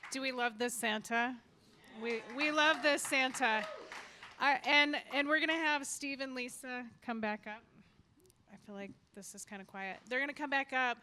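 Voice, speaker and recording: A woman's voice: sits high, moderate pace, a little hiss or hum. A woman hosting a live community event, speaking in a heartfelt way and telling stories. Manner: warm, heartfelt, repeats her motto. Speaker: event host, nonprofit founder. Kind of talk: emotional live event speech. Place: event hall with audience.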